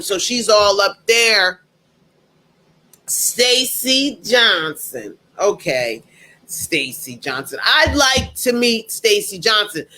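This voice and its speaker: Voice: mid-range voice, sharp tone. An emphatic, indignant commentator talking straight to the audience and repeating points for effect. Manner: speaks directly to the audience. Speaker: political commentator. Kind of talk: opinionated commentary monologue.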